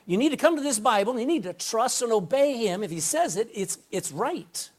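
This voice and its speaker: A pastor preaches to his congregation in an indoor room, his voice very high-pitched, expressive and fairly quick. His delivery is folksy and emphatic, and he often calls for an amen.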